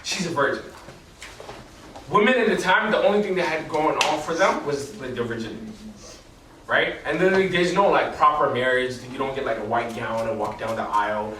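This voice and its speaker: A man's voice: medium pitch, normal speed, a bit bright, a little hiss or hum. A young man preaching a casual sermon in a chatty way full of fillers and slang, recorded in a church hall away from the mic. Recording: echoey hall from far off.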